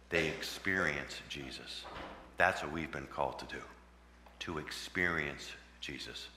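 A man preaching a sermon in a conversational way, with sudden loud emphatic bursts, recorded in a church. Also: very deep voice. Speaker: pastor. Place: church sanctuary. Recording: echoey church hall with long reverb, faint hum.

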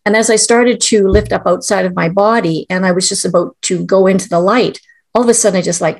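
A woman's voice: medium pitch, fairly quick. A middle-aged woman, a guest, telling a personal story in an earnest, emotional way, with restarts.

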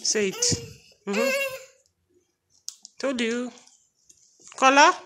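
A woman's voice: high-pitched, very animated, extremely slow, noisy background. A woman with a Kenyan accent chatting casually on a home vlog, coaxing her toddler with playful questions. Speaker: mother and vlogger. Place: home, indoors.

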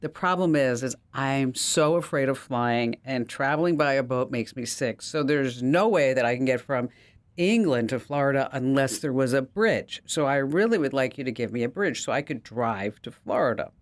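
A man's voice: mid-range voice, expressive, normal speed, lightly acted. A woman voicing an earnest, anxious man who pleads for a wish in a joke she tells.

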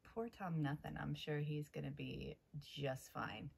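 Husky laid-back American woman chatting. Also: low voice, a little slow, darkish tone. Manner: playful, laid-back, contrarian. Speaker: podcast co-host. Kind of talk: casual chat.

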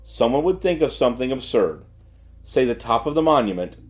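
A man's voice: mid-range voice, very animated, fairly quick, close to an everyday voice. A man voicing a sarcastic, stern detective chief giving orders in a dry, businesslike way.

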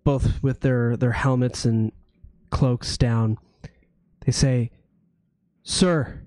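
A man's voice: mid-range voice, level tone, slow, mellow, no room sound, clean studio sound. A man narrating as game master in a tabletop game, casual with frequent restarts.

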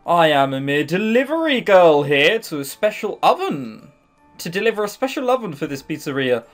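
A man's voice: on the high side, very animated, moderate pace, faint music behind. A man voicing a young female delivery girl who speaks formally and stiffly, reading her lines from a visual novel.

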